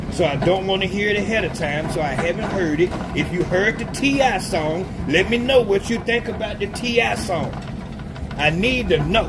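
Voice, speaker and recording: A middle-aged man hosting a casual livestream on his phone while walking around at work. He rambles and keeps asking if listeners understand what he's saying. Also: high-pitched. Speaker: livestream host. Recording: loud vehicle noise behind.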